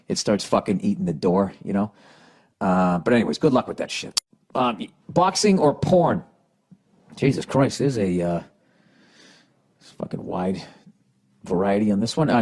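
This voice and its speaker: A man's voice: deep voice, darkish tone, breathy edge. Man, Boston accent, podcast host, profane, sarcastic, blunt advice, casual rant, hiccups. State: has the hiccups. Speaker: podcast host reading listener letters.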